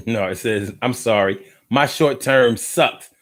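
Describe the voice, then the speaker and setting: A man chatting casually on a live stream, telling stories in an animated, slangy way, repeating his phrases and reading out viewer comments. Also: medium pitch, slow.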